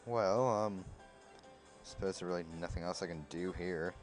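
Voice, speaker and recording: A man's voice: low voice, moderate pace, faint music behind. Casual man commenting on a game. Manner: casual, swears offhandedly. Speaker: game streamer. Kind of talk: let's play commentary.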